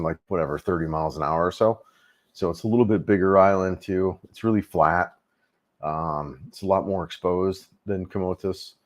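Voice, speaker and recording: A middle-aged man hosting a casual travel livestream, rambling easily with lots of fillers and restarts. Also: deep voice.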